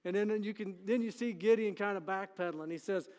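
A man's voice: high-pitched, fast, darkish tone, big-room sound. A middle-aged man preaching a sermon as pastor, folksy and conversational, often asking for an amen. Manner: conversational and folksy, frequent "you know" and "amen". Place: church sanctuary.

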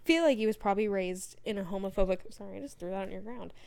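A woman's voice: mid-range voice, fast talker, vocal fry, crowd noise. A young woman co-hosting a podcast in casual chat, talking loosely with lots of "like" fillers and easy laughter. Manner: chatty, full of "like" fillers, laughs easily. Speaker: podcast co-host.

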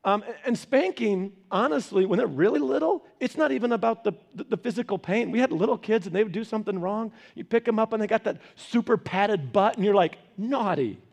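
A man's voice: high-pitched, gravelly. A middle-aged man, a pastor, giving a conversational sermon, telling family stories and acting out the voices in them. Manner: animated storyteller who acts out quoted voices. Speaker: pastor teaching a Bible study.

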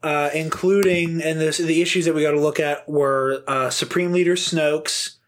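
A man's voice: a little high, fairly even intonation, normal speed. A man co-hosting a casual podcast, talking in a rambling way with many restarts. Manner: rambling, lots of ums and restarts. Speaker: podcast co-host.

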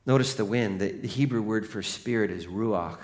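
A man preaching a sermon as pastor, telling stories and swinging from hushed lines to loud, excited ones. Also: fairly low pitch, normal speed. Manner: storytelling, animated.

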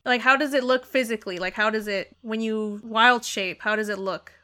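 Upbeat woman dungeon master, bright and slightly high, narrating and explaining rules. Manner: upbeat, quick, laughs often. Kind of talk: narrating and explaining a tabletop game.

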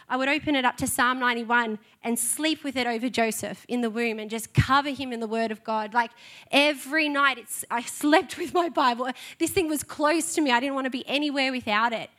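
A woman's voice: high voice, fairly bright tone. A woman pastor gives an earnest, heartfelt testimony sermon from a church stage.

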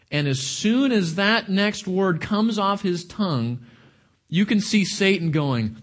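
A man preaching a sermon to a congregation, animated, often repeating and restarting his words. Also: high-pitched, a little slow. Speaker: pastor.

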